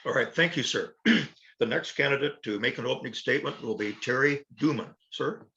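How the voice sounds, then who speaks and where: An older man, the moderator, opening the forum in a relaxed way with fillers. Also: medium pitch, normal speed, creaky. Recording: dull lo-fi audio.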